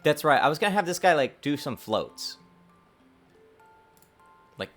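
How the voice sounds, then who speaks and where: A man streaming his game development work, talking to himself in a lively, self-mocking way. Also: a little high, a little slow, faint music behind. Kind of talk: casual livestream dev commentary.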